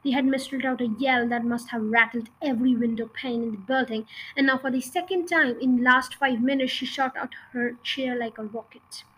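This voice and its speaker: A woman's voice: sits high, steady tone, fairly quick, few pauses, fairly bright tone, a little hiss or hum, low-quality recording. A woman reading a children's novel aloud chapter by chapter, with occasional slips and restarts, then chatting briefly to her listeners. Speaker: audiobook reader.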